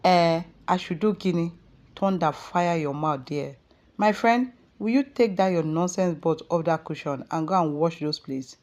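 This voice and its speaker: Woman voicing a nasty scheming nigerian mom, hisses, scolds loud then goes all sugary. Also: low-pitched, expressive, moderate pace, dull audio. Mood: harsh scolding. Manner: switches from scolding to syrupy sweet. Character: scheming cruel young mother, hissing and sharp.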